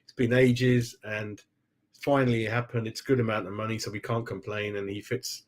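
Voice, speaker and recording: A man's voice: lowish voice, level tone, fairly quick. Chatty man rambling to viewers. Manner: rambling, chatty, laughs often, calls viewers mate. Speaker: football fan channel host. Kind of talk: casual live-stream chat.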